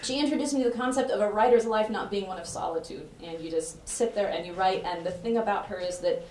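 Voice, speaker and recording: A woman's voice: medium pitch, fast talker, a little mellow, slight background noise. Effusive woman giving an introduction speech. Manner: effusive, chatty, laughs often. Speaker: speaker introducing an author at a bookstore event. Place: bookstore event room with an audience. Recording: roomy hall, voice picked up from a distance, faint ambience.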